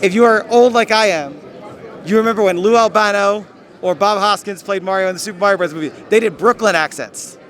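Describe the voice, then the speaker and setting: A man's voice: sits high, a little fast, a bit bright, some chatter behind. A man hosting a casual street poll at a fan convention, friendly and explaining with playful emphasis. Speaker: host running a street poll. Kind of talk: casual interviewing.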